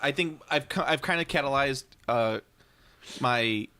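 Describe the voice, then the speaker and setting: A man's voice: mid-range voice, unhurried, pushed and bright. A man hosting a tabletop gaming podcast, rambling and cussing in casual banter. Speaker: podcast host.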